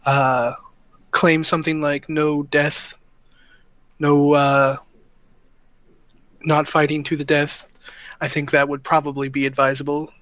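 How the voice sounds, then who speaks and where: Male player, sharp tone, chatty with many pauses and fillers; dry, lo-fi recording. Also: a little high, no echo. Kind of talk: casual tabletop game play. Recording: dull, dry, lo-fi mic.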